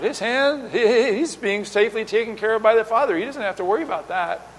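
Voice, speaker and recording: A man preaching a sermon, explaining with lively rhetorical questions and acting out quoted lines. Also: high voice, in a large hall, low-quality recording. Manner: animated teaching, voices rhetorical questions and acts out quotes.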